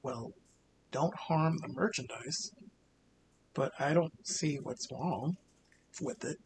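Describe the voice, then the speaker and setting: A man voicing a wary young male friend who speaks quietly and hesitantly. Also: fairly high pitch, slow, slight background noise. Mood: uneasy.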